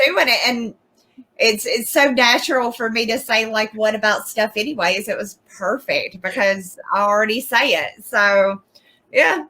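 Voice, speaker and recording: A young woman chats as an interview guest in a bright, clear voice, pitched a little high. She tells her stories by acting out what she said, with frequent laughs. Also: measured pace, rough recording. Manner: chatty, acts out quotes of herself and laughs often. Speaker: guest YouTuber. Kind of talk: casual interview chat.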